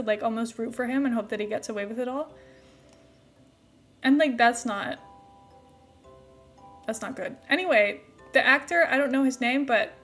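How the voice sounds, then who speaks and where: A woman's voice: on the high side, fairly bright tone. A young woman streamer chatting casually while playing a game, rambling with lots of "like" fillers and light laughs.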